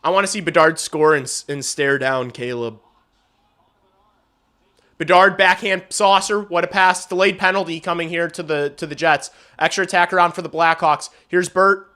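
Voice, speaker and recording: A young man hosting a casual livestream, giving play-by-play of a hockey game, swearing and swinging from muttered asides to loud outbursts. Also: a little high, moderate pace. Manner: excitable, swears, shifts between mumbled asides and loud outbursts. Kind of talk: casual live reaction and play-by-play.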